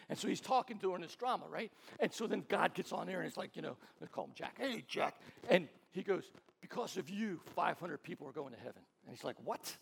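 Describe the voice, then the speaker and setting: A man's voice: sits high, expressive, a little fast, vocal fry, slight background noise. A man preaching as a pastor in a casual, chatty way, telling stories and acting out quoted voices, often repeating words as he goes. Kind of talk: casual sermon storytelling.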